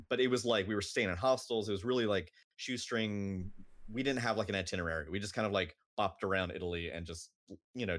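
A man's voice: lowish voice, a bit bright. A man co-hosting a podcast, telling a travel story in casual chat, with lots of "like" and "um". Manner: rambling with many fillers, like and um. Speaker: podcast co-host.

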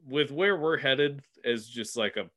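Young male podcast co-host, bright forceful voice, rambling and laughing, on a remote call. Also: mid-range voice, measured pace. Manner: rambling, laughs between words. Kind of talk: casual chat. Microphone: remote video call.

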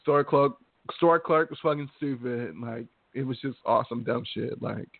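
A man's voice: mid-range voice, normal speed, vocal fry, no echo. A man co-hosting a podcast, ranting in a blunt, casual way with heavy profanity. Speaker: podcast co-host. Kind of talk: casual chat. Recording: dry, phone-like sound.

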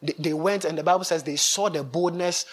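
Preacher guy, fairly high voice, lively sermon, keeps laughing. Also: fairly quick, husky. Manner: lively, laughs often between lines.

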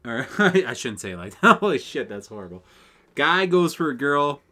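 A man's voice: mid-range voice, very animated, normal speed, pushed and bright. A man in his twenties hosting a solo podcast, ranting casually with lots of swearing and laughter. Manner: profane, rambling, laughs often. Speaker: podcast host.

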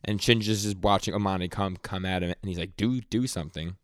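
Here a young man co-hosting a podcast speaks in a voice that sits low, recorded cleanly in a studio with no echo. He casually recaps manga, retelling comic scenes in quick quoted lines and stumbling through many stammers.

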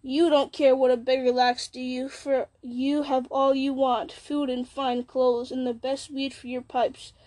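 Voicing a fallen, scornful old wizard, a woman gives him a high, bright, sneering voice full of mockery and resentment toward everyone nearby. She keeps the tone level and the pace measured, with few pauses.

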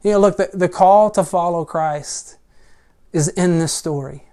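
A preacher giving a conversational sermon. They retell a story in plain, everyday words, using frequent "like" and "I mean", and get louder on the key points. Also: medium pitch, unhurried, clean tone.

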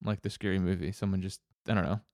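A man's voice: deep voice, level tone, quick pace, a little mellow, dry recording, studio quality. A man telling a rambling story in casual chat, with many restarts and frequent laughs.

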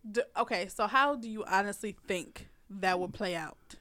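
A woman's voice: mid-range voice, moderate pace, sharp tone. A woman, chatting casually and teasingly, laughing and acting out quotes. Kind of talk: casual couple chat.

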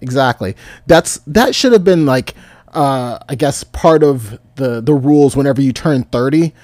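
A man's voice: medium pitch, animated, normal speed, darkish tone, no room sound. A man around thirty co-hosting a podcast, joking and laughing easily in casual chat. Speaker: podcast co-host.

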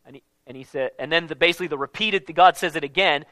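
A man preaching a casual Bible-teaching sermon in an animated, conversational way, with slang mixed in. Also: a little high, racing, few pauses, no echo.

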